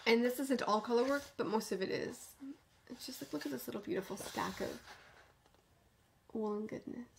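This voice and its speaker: A woman hosting a knitting podcast in casual chat, gushing with enthusiasm and often dropping to a soft near-whisper. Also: fairly high pitch, normal speed, creaky, noisy background.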